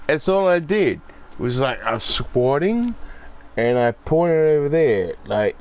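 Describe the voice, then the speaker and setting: A man's voice: mid-range voice, sing-song, slow. An Australian man chatting casually on a gaming stream, rambling and swearing freely as he tells stories. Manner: swears freely, acts out voices when telling stories.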